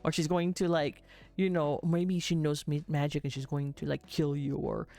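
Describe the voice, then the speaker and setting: A woman narrating a livestreamed tabletop game as game master, meandering and halting with many fillers. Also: low-pitched, flat delivery, creaky, dark tone.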